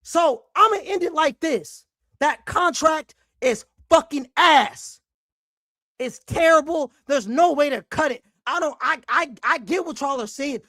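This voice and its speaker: High-voiced man ranting angrily. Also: measured pace, no echo, clean studio sound. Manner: angry, profane, often shouting. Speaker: basketball fan show host. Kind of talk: heated fan rant.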